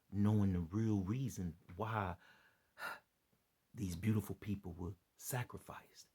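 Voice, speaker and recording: Speaking slowly in a fairly low, steady voice that is dark and slightly rough, a man who is worn out and dead tired delivers impassioned, unscripted vlog commentary. He's an online preacher and commentator whose rambling, preachy talk repeats itself and appeals to listeners.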